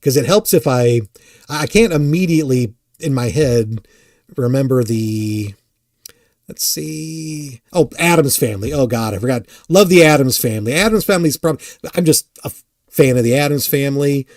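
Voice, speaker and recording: A man casually answering chat on a live stream, rambling and halting, often self-deprecating. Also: medium pitch, lively intonation, darkish tone, no room sound, clean studio sound.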